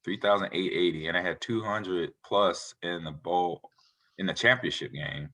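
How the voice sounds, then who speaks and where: Deep, bright-toned man telling stories. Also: normal speed. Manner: animated, rambling storyteller who acts out quotes. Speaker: interview guest, retired football player. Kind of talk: casual interview storytelling.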